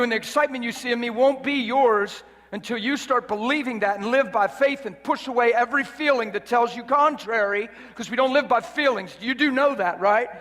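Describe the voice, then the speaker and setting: A man's voice: extremely high pitch, bright, forceful tone. A man preaching a sermon in a large hall, exuberant and emphatic, often breaking into laughter. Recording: reverberant hall.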